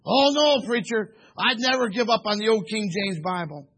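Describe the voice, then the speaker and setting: A man's voice: high-pitched, lively intonation, normal speed, a bit bright, husky, heavily acted. A preacher voicing an earnest young man who pleads that he will never leave his church. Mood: pleading.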